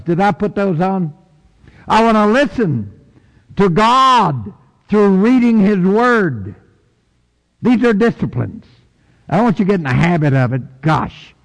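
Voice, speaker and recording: A man's voice: very animated, a little slow. Preaching man in a reverberant church. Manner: preaching with dramatic swings between low hushed lines and high cries. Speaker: pastor. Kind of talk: sermon. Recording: long hall reverb.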